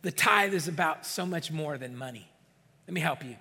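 Raspy high-voiced preacher in a reverberant hall. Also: male voice, expressive, moderate pace, bright, forceful tone. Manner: emphatic, calls for amens and acts out doubters' excuses. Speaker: pastor. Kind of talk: preaching a sermon. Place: church sanctuary.

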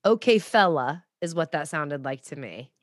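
A woman co-hosting a podcast in casual chat, playful and quick to burst out laughing. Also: sits low, no echo, studio quality, faint music behind. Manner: giggly, playful, animated. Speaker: podcast co-host.

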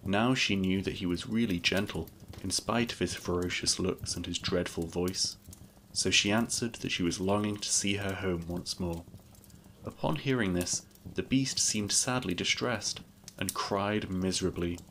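A man narrating a classic fairy tale in a steady, measured storybook reading. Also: sits low, a little hiss or hum.

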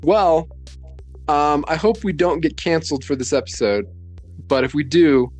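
A man's voice: fairly high pitch, normal speed, darkish tone, faint music behind. A man co-hosting a podcast in easygoing casual chat, often laughing along. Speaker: podcast co-host.

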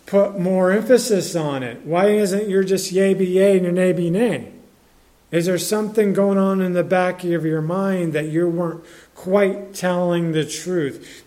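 Preacher, male, slightly higher-pitched voice, loose and chatty delivery full of restarts. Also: warm tone. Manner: conversational, halting, many restarts and fillers; reads scripture in older English. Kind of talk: sermon.

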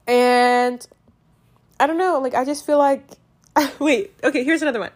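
A young woman chatting casually about a book she loved, rambling and excitable, full of "like" fillers, recorded on a home mic. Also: high voice, measured pace. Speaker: book reviewer. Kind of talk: casual book review chat.

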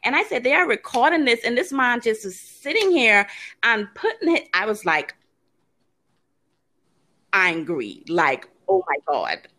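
A woman speaking in a slightly high voice that swings widely up and down as she talks. She tells her story in a casual podcast chat, acting out her own past thoughts in an animated, relaxed way. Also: a little slow. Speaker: podcast co-host.

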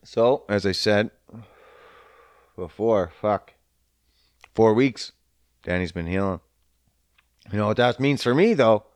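Man, casual monologue, crude and profane, rambling, lively up-and-down pitch, dry close sound. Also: slow pace, long pauses, clean tone, no room sound. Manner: laid-back, smoking while talking.

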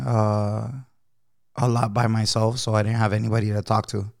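A man co-hosting a casual podcast, hoarse from a sick voice, mostly giving brief agreeable replies. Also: on the low side, little pitch movement, normal speed, a little mellow, dry recording, studio quality. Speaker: podcast co-host.

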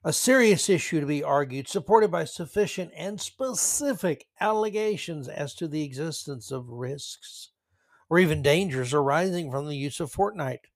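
A man's voice: on the high side, expressive, normal speed. A man hosting a solo opinion podcast, ranting sarcastically and hammering his key words. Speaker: podcast host.

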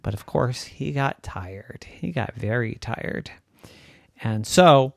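A man telling an improvised bedtime story in a playful, animated way. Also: medium pitch, takes it slowly, gravelly, dry recording, studio quality.

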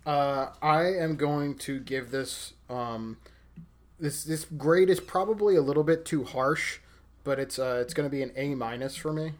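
Slightly high-voiced male co-host, measured and hesitant, fond of fillers. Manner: hesitant, thinks aloud. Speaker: podcast co-host. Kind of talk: casual movie discussion.

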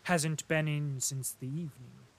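A roguish army orderly talks in a low, wry, matter-of-fact way, as a male narrator puts him on. He sounds knowing and unhurried in a storybook reading. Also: fairly even intonation, creaky, slightly rough, exaggerated voice. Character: sly soldier orderly, man, roguish.

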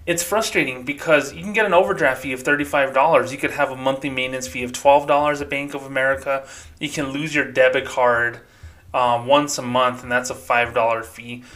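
A man's voice: mid-range voice, steady tone, a little fast, fairly bright tone. A man hosting his own podcast, talking alone in a heated, profane rant. His voice sits in an ordinary middle register, and the delivery stays casual and fired up. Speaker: podcast host. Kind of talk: solo podcast commentary.

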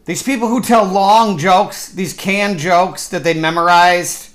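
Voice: mid-range voice, unhurried, fairly bright tone. A podcast host ranting sarcastically and with profanity in a solo comedic monologue, rambling along and slipping into mocking voices. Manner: rambling, with fillers and restarts.

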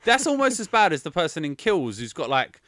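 A young man rants about a film in a casual podcast chat, his voice jumping all over the place. The tone is bright and forceful, and the sound is dry and close, with no room around it. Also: fairly high pitch, fairly quick, no echo. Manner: animated, swearing, exasperated rants.

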